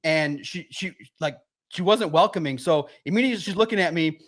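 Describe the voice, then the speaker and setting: A man guesting on a sports podcast, telling stories in an animated way and swearing freely. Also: on the high side, fairly quick. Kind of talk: casual podcast chat.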